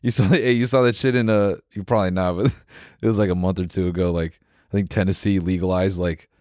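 A man co-hosting a podcast, laid-back and quick to laugh, swearing often in casual chat. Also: low voice, steady tone, darkish tone, dry recording, studio quality. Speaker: podcast co-host.

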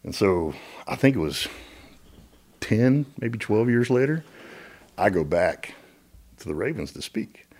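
A middle-aged American man telling stories as a guest in a casual interview, animated and repeating words when he gets going. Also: on the low side, unhurried, pauses often.

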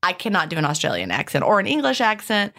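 A woman's voice: fairly low pitch, huge pitch swings, quick pace, a bit bright. A woman co-hosting a podcast, chatting casually and reading listener questions aloud. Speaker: podcast co-host.

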